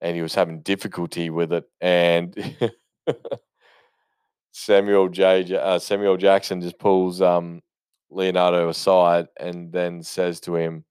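Deep-voiced man swearing through movie talk. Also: level tone, measured pace, darkish tone, smooth, no room sound, clean studio sound. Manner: rambling, profane, enthusiastic storytelling with many fillers. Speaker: movie commentator. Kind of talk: casual spoken movie commentary.

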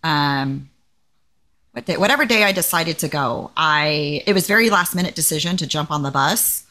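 A woman in her forties co-hosting a casual podcast, telling stories with lively acted-out dialogue. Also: deep voice, normal speed. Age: 40s. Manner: animated storyteller, acts out quoted exchanges. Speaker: podcast co-host. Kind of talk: casual chat. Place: living in Hawaii.

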